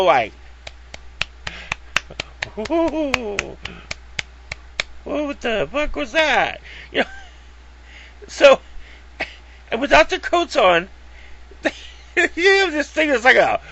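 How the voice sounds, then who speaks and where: A man's voice: sits high, vocal fry, sharp tone, lo-fi sound. A man ranting casually to camera in a rambling, profane way, full of fillers and acted-out quotes. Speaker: video blogger.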